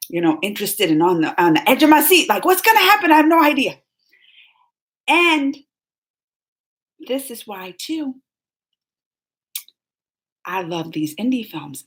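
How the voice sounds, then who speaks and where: A woman hosting a live movie chat, talking in a rambling, animated way with lots of fillers and laughs. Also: on the low side, moderate pace, pauses often. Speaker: host of a movie reaction livestream. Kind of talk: casual livestream chat.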